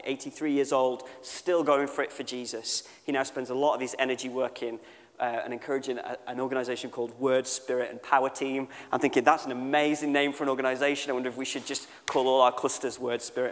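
A man giving a sermon at a church service, talking in an earnest, conversational way and slowing down to stress key points. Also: mid-range voice, long reverb tail. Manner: conversational and earnest, slows down for emphasis. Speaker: church speaker. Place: church service with a live band.

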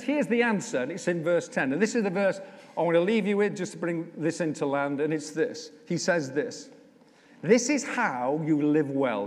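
A man, a vicar, preaching a conversational sermon with humour, slowing down to stress key lines, in a church. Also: high voice. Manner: conversational, humorous, slows down for emphasis. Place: church, indoors. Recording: echoey church hall.

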